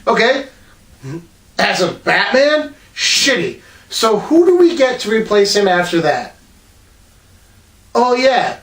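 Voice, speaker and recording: A man's voice: sits high, big pitch swings, slow, long pauses, a bit bright. A man co-hosting a casual podcast, talking animatedly and swearing constantly. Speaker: podcast co-host. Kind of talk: casual profane banter. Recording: roomy, distant mic.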